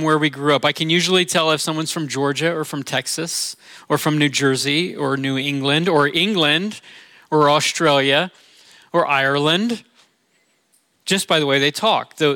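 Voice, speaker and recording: Midwestern male pastor, middle-aged, bright tense tone, slightly high voice, dry close sound. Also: no room sound. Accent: Midwestern American. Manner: earnest, conversational preaching with rhetorical questions. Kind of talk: sermon.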